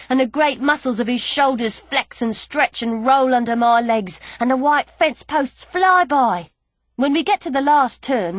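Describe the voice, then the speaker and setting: A woman narrating a novel in the first person with a playful, lively storytelling manner. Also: fairly high pitch, no echo. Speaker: audiobook narrator.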